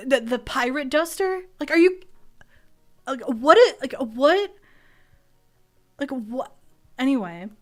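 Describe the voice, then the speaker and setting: Excitable swearing young woman streamer. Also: a little high. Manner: excitable, swearing, gushing with stammered restarts. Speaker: vtuber streamer. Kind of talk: casual stream chat.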